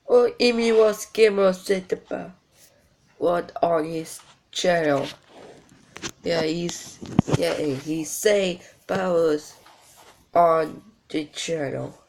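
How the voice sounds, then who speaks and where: Slow, halting male reaction host. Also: on the high side, vocal fry. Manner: halting, with many fillers and repeats. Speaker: channel host reacting to a video. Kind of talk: casual reaction commentary.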